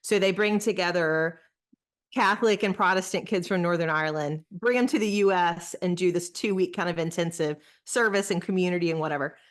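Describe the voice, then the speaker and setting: A woman who used to be a pastor, speaking as a podcast guest, reflective and searching, with many pauses and restarts. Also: on the low side. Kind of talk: casual conversation.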